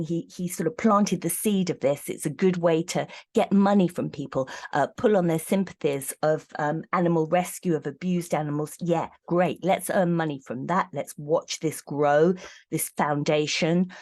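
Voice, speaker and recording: Middle-aged woman, lowish voice, tarot reader, chatty and sarcastic. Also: darkish tone. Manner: chatty, indignant, sarcastic asides. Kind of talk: casual tarot reading monologue.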